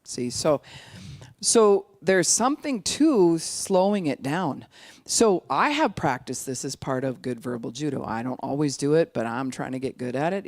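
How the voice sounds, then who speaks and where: An older speaker at an addiction recovery outreach gives an informal teaching talk, animated and sometimes slowing right down to make a point. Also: mid-range voice, no room sound, studio quality. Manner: animated, acts out quoted voices, sometimes slows speech right down to demonstrate.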